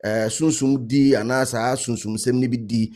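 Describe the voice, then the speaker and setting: A man's voice: medium pitch, fairly even intonation, normal speed, warm tone. Subdued hesitant Ghanaian host man. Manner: subdued, hesitant, many fillers. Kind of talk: casual commentary.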